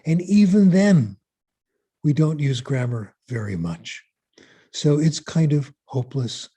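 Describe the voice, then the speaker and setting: Conference speaker, male: unhurried, mellow voice, lectures by posing and answering his own questions. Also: a little high, expressive, breathy edge. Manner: asks rhetorical questions and answers them. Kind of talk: lecture on language learning.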